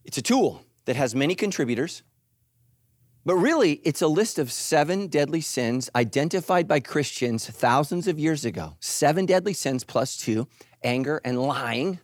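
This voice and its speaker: A middle-aged man preaching a sermon, animated and joking, acting out quoted voices. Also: on the high side, moderate pace, no echo, studio quality. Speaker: pastor.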